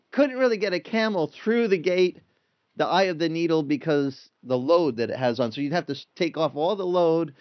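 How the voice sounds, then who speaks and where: A man preaching a sermon, conversational and animated, acting out the voices of people in the story. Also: on the high side, muffled recording. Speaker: pastor.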